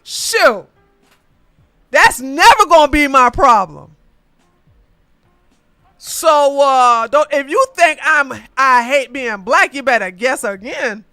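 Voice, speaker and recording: A woman rants in a loose, rambling way, cursing freely and circling back to repeat her points. Her voice is bright and sharp, and it sounds dry and close. Faint music plays in the background. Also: sits high, slow, long pauses, dry recording. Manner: animated, profane, repeats herself. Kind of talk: rambling casual rant.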